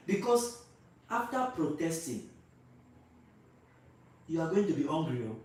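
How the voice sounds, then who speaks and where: A Nigerian man speaking his mind to camera with a fairly high voice, pressing his points with repetition and rhetorical questions. His voice booms around a very echoey room, picked up from a little way off the mic. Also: sing-song, moderate pace, pauses often, a little mellow, distant mic, slight background noise. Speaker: vlogger. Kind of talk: opinionated commentary to camera.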